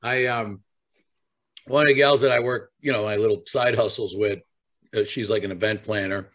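A man's voice: on the low side, steady tone, normal speed, a bit bright. A middle-aged man co-hosting a podcast, telling loose, profane stories in casual chat, full of "I was like" and "you know". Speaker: podcast co-host.

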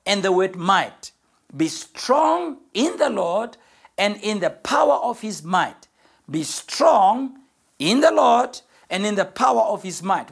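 A woman pastor preaching a sermon in an earnest, emphatic way, slowing down to stress key phrases. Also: mid-range voice, slightly rough.

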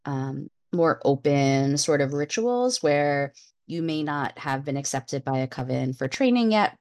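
Low-voiced woman co-hosting a podcast. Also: no room sound, clean studio sound. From Massachusetts. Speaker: podcast co-host. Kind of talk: casual podcast chat.

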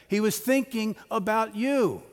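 A man's voice: sits high, unhurried. A middle-aged man preaching a sermon as pastor in a church sanctuary, conversational, with personal stories and light jokes. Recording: long hall reverb of a church.

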